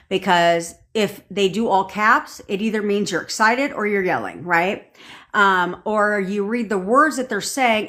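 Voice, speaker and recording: A woman's voice: medium pitch, fairly bright tone. A woman manifestation coach on a live stream, ranting bluntly and swearing casually while answering viewers' comments.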